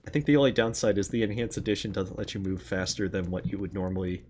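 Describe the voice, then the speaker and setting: A man giving casual gameplay commentary, relaxed and rambling, with frequent fillers. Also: sits low, fast, slight background noise. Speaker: gaming channel host.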